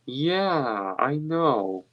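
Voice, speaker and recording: A man's voice: medium pitch, big pitch swings, drawn-out words, lo-fi sound, very noisy. A young man on a casual voice-chat stream, mostly giving short replies that echo the host. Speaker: stream guest.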